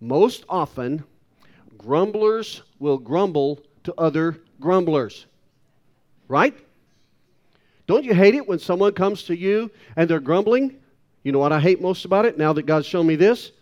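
A man's voice: a little high, lively intonation, measured pace, darkish tone, highs cut off. A male pastor giving a sermon, talking emphatically and putting rhetorical questions to the congregation.

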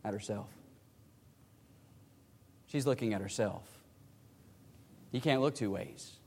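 A man preaching a sermon to his congregation. He swings between hushed, low passages and loud, emphatic cries. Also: takes it slowly, creaky. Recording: reverberant hall.

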